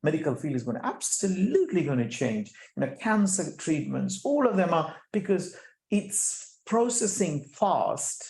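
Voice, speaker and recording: Animated man, slightly higher voice, echoey room. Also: moderate pace, creaky. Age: middle-aged. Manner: animated, restarts and repeats words, asks the audience rhetorical questions. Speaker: guest speaker. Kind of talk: conversational talk at an online chapter event.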